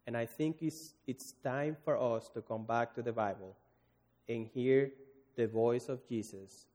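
Earnest preacher in an echoing hall. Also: male voice, medium pitch, measured pace, dark tone. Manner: earnest, pleading, with many restarts and fillers. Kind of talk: sermon. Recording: long hall reverb.

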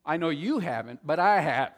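A man preaching a sermon as pastor, stressing points loudly and then dropping to quiet asides. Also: a little high, animated, moderate pace. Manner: emphatic, swings between loud stresses and quiet asides. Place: church sanctuary. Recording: long reverb of a large hall.

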